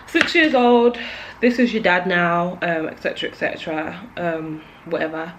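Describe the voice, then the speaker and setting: Her pitch is fairly low and her pace moderate, with noisy surroundings behind her. She's a young beauty vlogger talking casually to camera as she applies makeup, nervous, jittery and emotional, almost crying, trailing off amid frequent "likes" and restarts.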